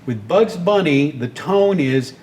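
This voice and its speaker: A man's voice: fairly high pitch, slow, slight background noise. An older man, a radio and voice performer, telling stories as an interview guest with enthusiasm. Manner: animated, enthusiastic storyteller. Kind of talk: storytelling interview talk.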